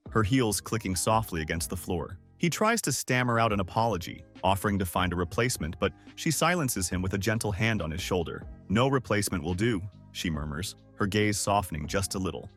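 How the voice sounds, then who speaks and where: A man narrating a manga recap in scripted, expressive storytelling style. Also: lowish voice.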